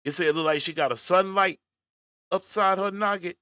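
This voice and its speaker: A man's voice: high-pitched, brisk, bright, forceful tone, clean tone, no room sound, studio quality. A man hosting casual reaction commentary, talking folksy and straight to his viewers. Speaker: commentary host.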